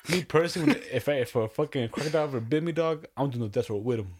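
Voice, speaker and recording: A man's voice: medium pitch, rapid-fire, a little hiss or hum. A young man in casual chat, bantering in slang and calling his friend dog and bro.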